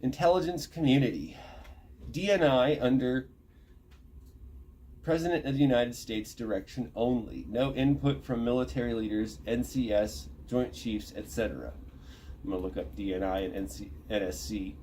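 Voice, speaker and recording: A man's voice: medium pitch, normal speed, a little mellow, slight background noise. A man reading a list aloud from an online thread, breaking off to comment, look terms up and correct himself. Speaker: channel host reading a thread.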